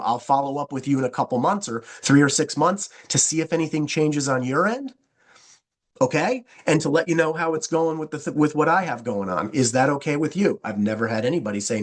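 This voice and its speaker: Animated man coaching recruiters. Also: on the high side. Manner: animated, acts out calls with quoted dialogue. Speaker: sales trainer. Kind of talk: recruiting training talk.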